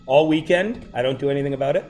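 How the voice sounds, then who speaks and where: A middle-aged male teacher telling funny personal stories to his class, animated and breaking into loud exclamations. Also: mid-range voice, quick pace, slight background noise. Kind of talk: storytelling to a class.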